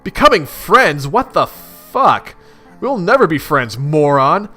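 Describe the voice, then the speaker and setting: A man voicing a loud, irritable young male troll who rants angrily and swears. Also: a little high, big pitch swings, slow, faint music behind, pitched above the performer's own voice, exaggerated voice. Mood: ranting. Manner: angry, foul-mouthed ranting.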